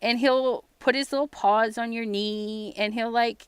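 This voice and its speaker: A woman's voice: a little high, steady tone, a little slow, hardly any pauses, clean tone, no echo. A woman hosting a casual crafting livestream, telling stories with lots of laughs, acting out little quotes and greeting viewers. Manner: chatty storyteller who laughs often and acts out little quotes; gives shout-outs to viewers while crafting. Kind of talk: casual live-stream chat.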